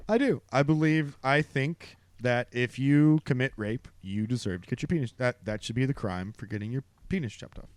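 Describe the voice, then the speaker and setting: A man's voice: mid-range voice, moderate pace, few pauses, no echo. A man reading a news story aloud in casual chat, laughing often and mocking how the article is written. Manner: laughs often and breaks off to mock the article's writing. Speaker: podcast co-host.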